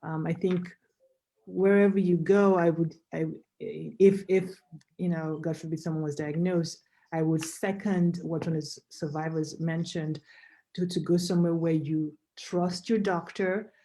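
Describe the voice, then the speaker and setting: A woman with a low, mellow voice speaks as a doctor on a video-call panel. She explains things patiently, pausing on fillers and restarting her sentences as she goes. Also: steady tone, rough recording. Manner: measured, explanatory, with frequent fillers. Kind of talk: panel discussion answer.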